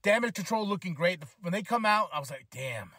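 A man hosts his own podcast and recaps the show in a loose, rambling way. His voice sits a little high for a man and he drops into quoted voices as he goes. The sound is dry and close, with no room echo. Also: fairly quick. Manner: excitable, chatty, acts out quotes. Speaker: podcast host. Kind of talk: casual solo wrestling recap.

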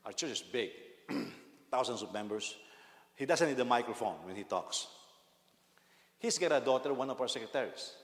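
A man's voice: mid-range voice, expressive, moderate pace, pauses often. A man preaching a sermon as pastor, telling a story and laughing at it as he goes. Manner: storytelling, laughs at his own anecdotes, acts out quotes. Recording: echoey hall with long reverb.

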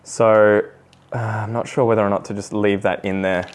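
A man's voice: fairly low pitch, little pitch movement, moderate pace, smooth. A man with an Australian accent who talks viewers through repotting a plant in a casual, self-deprecating way, with joking asides. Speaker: plant vlogger. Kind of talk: casual how-to narration while repotting.

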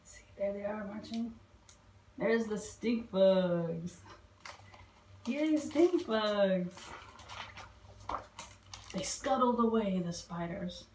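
A woman librarian reading a picture book aloud to young children, expressive and stopping to ask them questions. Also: mid-range voice, very slow, pauses often, slight background noise. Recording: roomy echo.

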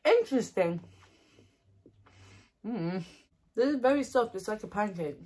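Breathy soft-spoken woman tasting snacks. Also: medium pitch, animated, unhurried. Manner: soft-spoken, giggly, gushing. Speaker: ASMR creator.

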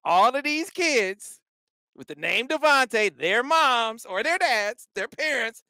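A man co-hosting a sports podcast, chatting casually and telling stories with animated emphasis. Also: very high voice, slow, no echo, clean studio sound. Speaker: podcast co-host.

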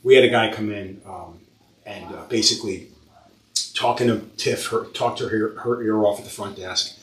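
A man who owns a tattoo shop, hosting a casual podcast chat and telling lively stories full of swearing. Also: on the low side, moderate pace. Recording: roomy sound, far from mic.

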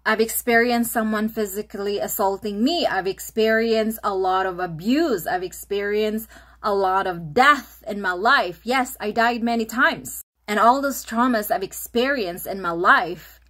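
A woman vlogger with a Filipino first language, speaking English in an earnest, reflective monologue. Her voice sits at a middle pitch. She repeats phrases for emphasis and slips into quoted dialogue as she retells her past. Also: measured pace, fairly bright tone. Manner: earnest, repetitive, reflective storytelling. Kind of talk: personal monologue to camera.

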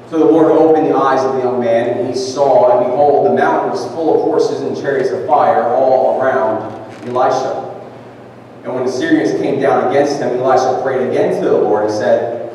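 A man preaching a conversational sermon, reading scripture slowly. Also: medium pitch, steady tone, dark tone, a little hiss or hum. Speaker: pastor. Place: large church sanctuary. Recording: echoey church hall from far off.

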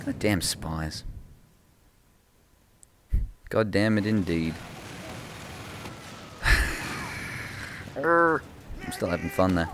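A young man mumbling casual commentary while playing a shooter game, breaking into sudden high yelps now and then. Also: noisy background. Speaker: gaming channel host.

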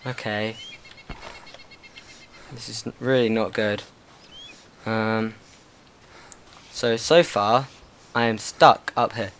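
A man's voice: fairly low pitch, fairly even intonation, extremely slow, long pauses, fairly bright tone, slight background noise. A young man hosting a gaming channel, giving casual, nervous, rambling commentary and talking to the zombies in his game.

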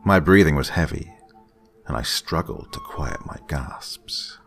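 A man narrating a scripted horror story in a dramatic way, dropping at times into hushed whispers. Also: a bass voice, animated, measured pace, gravelly, soft background music.

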